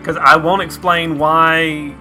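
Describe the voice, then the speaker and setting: A man's voice: fairly high pitch, little pitch movement, slow, music in the background. A man co-hosting a comedy podcast, joking and bantering with his partner and laughing often. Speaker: podcast co-host.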